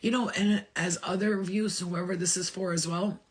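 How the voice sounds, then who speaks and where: Husky woman giving a channeled reading. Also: fairly low pitch, steady tone, brisk. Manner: rambling, emotional, casual swearing. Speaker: spiritual reader.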